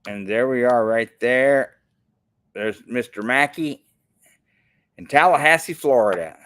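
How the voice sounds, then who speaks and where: A man's voice: mid-range voice, a little slow, fairly bright tone. An older man from Texas hosting a casual livestream, talking in a rambling, indignant way with frequent restarts. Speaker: show host.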